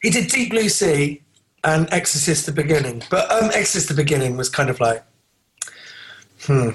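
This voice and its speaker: Male podcast co-host, slightly higher pitch, chatty and trivia-heavy, lots of ums. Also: expressive, moderate pace, low-quality recording. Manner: rambling, trivia-heavy, many fillers and restarts. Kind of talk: casual film chat.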